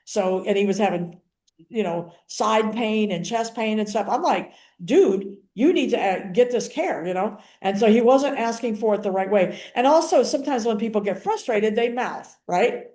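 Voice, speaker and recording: Older woman, mellow, chatty trainer. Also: medium pitch, expressive, moderate pace, reverberant. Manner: chatty, acts out quoted conversations. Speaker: activist and paralegal giving a training. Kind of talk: casual spoken training talk.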